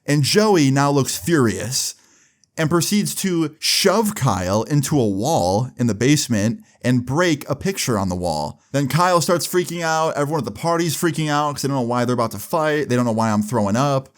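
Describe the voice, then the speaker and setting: A young man in a storytime vlog, with a mid-pitched voice. He talks casually and swears freely, and his pitch swings widely as he rattles through the story. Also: moderate pace. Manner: animated, casual and profane, with lots of filler "like". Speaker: vlogger.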